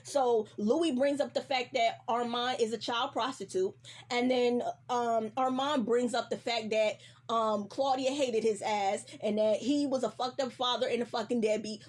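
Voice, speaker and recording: Young female recap host, animated, slangy, husky. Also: a little high, measured pace. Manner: animated, slangy, heavy profanity. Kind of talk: casual TV recap.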